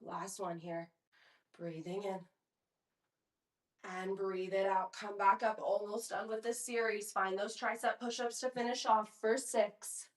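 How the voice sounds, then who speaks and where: A woman's voice: mid-range voice, fairly even intonation, a little slow. A young woman guides a mat pilates workout, counting down reps and tossing in encouragement while she is audibly short of breath. Her voice sits mid-range and sounds a little distant from the mic, with noticeable echo off the room. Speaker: pilates instructor.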